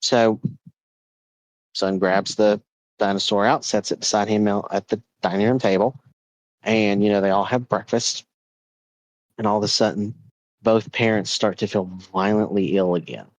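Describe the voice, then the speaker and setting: A man's voice: on the low side, steady tone, normal speed, long pauses, no echo, low-quality recording. A man hosting a podcast, telling a ghost story in a loose, rambling way with lots of restarts. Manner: rambling, with many repeats and fillers. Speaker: podcast host.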